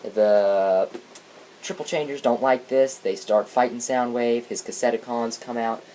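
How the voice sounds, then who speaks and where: Mellow-voiced man rambling through a review. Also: medium pitch, steady tone, unhurried, a little hiss or hum, rough recording. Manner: rambling, hesitant, frequent restarts and fillers. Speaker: comic book reviewer. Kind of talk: casual spoken review.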